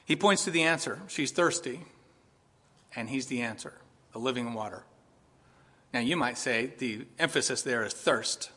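A man preaching a sermon with emphatic, repetitive, animated delivery, addressing his congregation. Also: medium pitch, moderate pace, long pauses, breathy edge, in a large hall.

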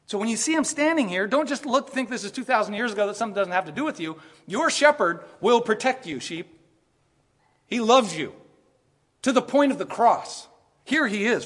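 High-voiced man preaching in a hall. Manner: animated preaching with bursts of laughter and emphatic rises. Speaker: pastor. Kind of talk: sermon. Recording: hall reverb.

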